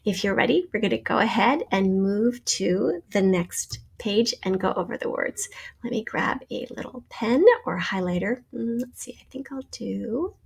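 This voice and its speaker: A woman's voice: medium pitch, moderate pace, vocal fry, slightly rough. A woman teacher giving a spelling lesson to young pupils, patiently sounding out letters and syllables for a class video.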